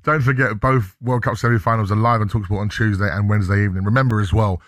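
A man presenting a sports radio show, reading plugs briskly between jokes. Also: on the low side, steady tone, fairly bright tone, no room sound, clean studio sound. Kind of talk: presenting and banter.

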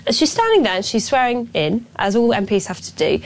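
A woman's voice: fairly high pitch, sing-song, brisk, a little hiss or hum, rough recording. A woman co-hosting a radio show, indignant and sarcastic in casual banter. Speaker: radio co-host.

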